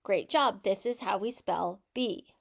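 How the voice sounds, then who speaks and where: A woman's voice: mid-range voice, a little slow, gravelly. A woman teaching a phonics lesson to children, patiently sounding out each sound in a word and praising answers.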